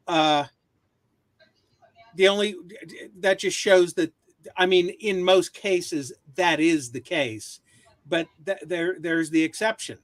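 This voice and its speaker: A man with a slightly high voice talks slowly and rambles through his opinions. He is a regular panelist chatting casually on a live web show over a video call. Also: a bit bright.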